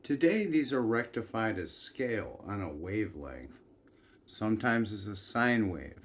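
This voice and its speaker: Slow, rambling male storyteller. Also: on the low side, big pitch swings. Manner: meandering, folksy, with asides and chuckles.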